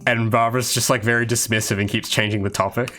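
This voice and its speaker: With faint music behind him, an Australian game developer talks casually to his livestream viewers as he works, his medium-pitched voice level, fast, pushed and bright. He rambles, restarting sentences and wandering into asides.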